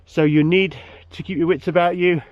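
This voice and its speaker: A man's voice: a little high, fairly even intonation, moderate pace, no echo, dull audio. A man vlogging hiking tips outdoors on a mountain trail, slightly out of breath, giving plain practical advice and repeating his main points. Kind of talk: outdoor vlog with tips to camera.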